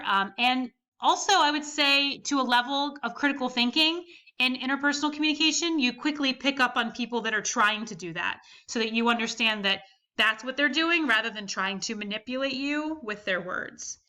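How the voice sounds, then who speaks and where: Bright-voiced woman teaching a lecture. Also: fairly high pitch, normal speed. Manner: explanatory, often checks in with "right?". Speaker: college instructor. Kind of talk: recorded lecture.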